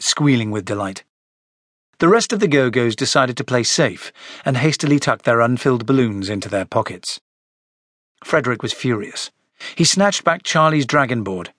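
Lively male narrator reading a children's story. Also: medium pitch, no room sound, studio quality. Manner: expressive, animated storytelling. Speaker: audiobook narrator.

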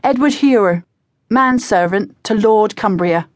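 A woman's voice: mid-range voice, a little slow, dry recording, studio quality, natural voice. A woman voicing a wiry young manservant who sounds hesitant and puzzled. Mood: wary. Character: wiry young male servant, wary and sheepish.

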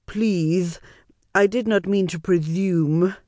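A woman's voice: lowish voice, a little slow, darkish tone, no room sound, studio quality. A woman voicing a panicked young male vampire who lisps and apologizes. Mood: flustered. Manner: flustered, apologetic, lisping.

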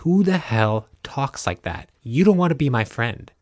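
A man's voice: mid-range voice, sing-song, moderate pace, dry recording. A shaken young man on the edge of tears speaks in a choked, trembling voice and lashes out with curses, as a male narrator puts him on. The voice sits mid-range for a man and the sound is dry and close. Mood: distraught. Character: distraught, tearful young man, angry and shaken.

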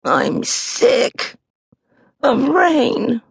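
A woman's voice: fairly high pitch, lively intonation, slow pace, fairly bright tone, no room sound, clean studio sound, voice pushed up, heavily acted. A woman voicing a dramatic young girl who fakes being sick, with whiny, pleading delivery in an audiobook. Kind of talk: audiobook character voice.

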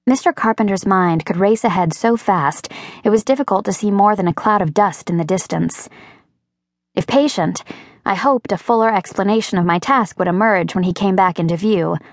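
A woman narrating an audiobook in a measured way, voicing the characters lightly. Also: medium pitch, no room sound, studio quality. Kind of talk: scripted narration. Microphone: close studio mic.

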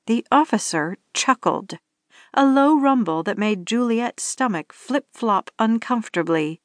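A woman narrating a romance audiobook in a steady storytelling manner. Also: a little high, measured pace, dry recording, clean studio sound. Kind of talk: scripted narration.

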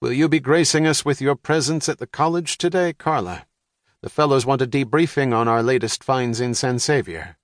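An excitable middle-aged father who talks in a brisk, sarcastic way, put on by an audiobook narrator. He pushes his lines with impatience. The sound is dry, with no room. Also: medium pitch, no room sound, pitched above the performer's own voice, close to an everyday voice. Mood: brusque.

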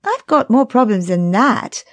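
A woman's voice: fairly high pitch, animated, unhurried, pitched above the performer's own voice. A woman narrator voicing the heroine's own dialogue, a direct, teasing young woman.

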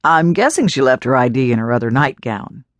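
A woman's voice: extremely low pitch, expressive, fairly quick, no echo, pitched below the performer's own voice. A woman voicing a sarcastic male cop with dry quips in an audiobook. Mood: sardonic.

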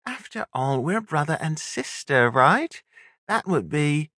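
A coy, teasing young woman from a storybook, as a male narrator puts her on, lifted well above his own voice. Her lines come out bright and playful, in a dry, close-up studio sound. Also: fairly high pitch, very animated, slow pace, no echo, voice pushed up, full character voice.

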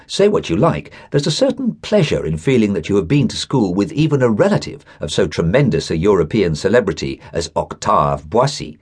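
A man's voice: medium pitch, a little mellow, breathy edge. A man narrating a classic short story as an audiobook reader, telling it expressively and voicing the characters' dialogue.

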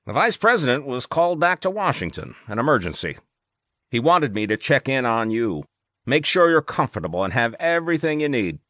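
A man voicing a smooth, falsely concerned male government aide in a storybook reading, talking in a placating way. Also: mid-range voice, very animated, a little fast, a bit bright, dry recording, studio quality, voice pushed up.

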